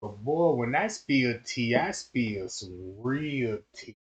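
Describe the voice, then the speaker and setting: A man's voice: mid-range voice, lively intonation, takes it slowly. A man hosting a casual commentary stream, slangy and emphatic, repeating himself as he builds up his points. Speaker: YouTube commentator.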